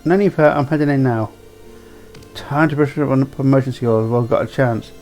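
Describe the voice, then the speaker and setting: A man voicing a brash, excitable young woman. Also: medium pitch, fairly quick, soft background music, lightly acted. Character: brash, spirited young woman, a trader's daughter.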